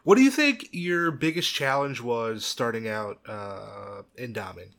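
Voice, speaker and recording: Lively man hosting a casual interview. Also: mid-range voice, unhurried, gravelly. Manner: laughs easily, encouraging interjections. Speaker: podcast host.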